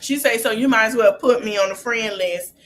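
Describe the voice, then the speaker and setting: A woman's voice: a little high, brisk, a little hiss or hum. A woman hosting a podcast, recapping a reality show reunion in a chatty, gossipy way, with sassy asides. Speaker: podcast host.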